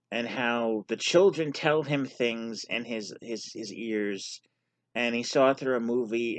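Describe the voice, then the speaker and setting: Candid low-voiced man telling his story. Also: fairly bright tone, dry recording. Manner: candid, self-deprecating. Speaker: vlogger sharing his story. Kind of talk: casual personal storytelling.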